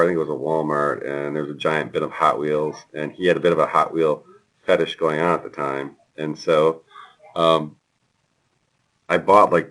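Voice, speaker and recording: A man lecturing a class in a relaxed, chatty way, with many fillers and personal stories. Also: a bass voice, rough recording. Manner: relaxed and chatty, lots of ums and anecdotes. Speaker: university lecturer.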